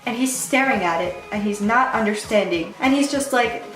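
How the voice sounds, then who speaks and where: A young woman telling a storytime vlog story in an animated way, quoting people in lively voices. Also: a little high, moderate pace, few pauses, roomy sound, faint music behind. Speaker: vlogger.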